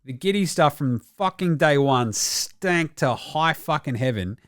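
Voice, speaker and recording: Sweary Australian basketball host. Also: male voice, a little high, animated, measured pace, a bit bright, clean tone, no echo, studio quality. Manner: profane, ranting. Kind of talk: casual basketball commentary.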